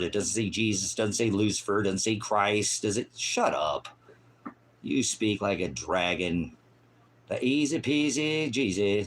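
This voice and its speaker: A man preaching an improvised, fiery sermon in a mocking, scolding manner, swinging from loud outbursts to low mutters. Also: slight background noise.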